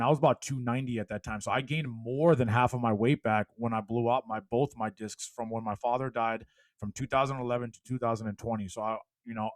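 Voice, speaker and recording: A man's voice: mid-range voice, no echo, rough recording. Emphatic man preaching resilience. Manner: emphatic, preachy, rising to loud exhortation. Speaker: podcast guest, motivational speaker. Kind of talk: impassioned storytelling.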